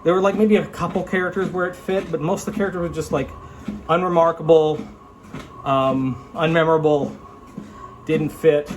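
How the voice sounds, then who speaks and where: A man's voice: a little high, fairly even intonation, normal speed, a little hiss or hum. A man casually reviewing a show he watched, rambling and frank, with lots of fillers and restarts. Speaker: vlogger reviewing an anime.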